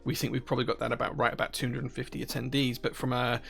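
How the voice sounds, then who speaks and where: Gravelly Northern Irish man chatting on stream. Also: medium pitch, little pitch movement, racing, a bit bright. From Northern Ireland. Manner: rambling, many restarts and fillers. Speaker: livestream host. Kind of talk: casual live-stream chat, reading chat questions.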